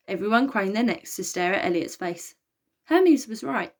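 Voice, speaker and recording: A woman reading a children's novel aloud, in a lively, expressive way. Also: mid-range voice, moderate pace. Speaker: storybook reader.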